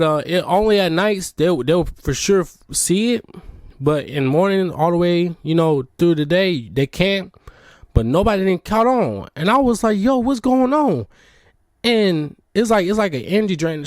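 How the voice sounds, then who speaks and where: A young man rambling through a personal story in loose slang, full of "like" and "um." His voice sits slightly high for a man. The sound is dry and close, with no room echo. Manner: rambling, slangy, many fillers.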